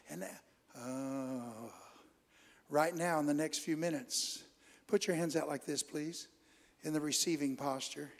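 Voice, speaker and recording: Brief: high-pitched male Pentecostal preacher, fervent, bursts into tongues, long church-hall reverb. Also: vocal fry, darkish tone. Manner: fervent, swells into exclamations and speaking in tongues. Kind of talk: Pentecostal sermon.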